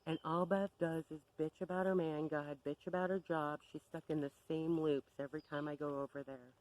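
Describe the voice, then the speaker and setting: A woman's voice: low voice, fairly even intonation, brisk, a little mellow, rough recording. A woman telling a story to camera in a sardonic, exasperated rant. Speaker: vlogger.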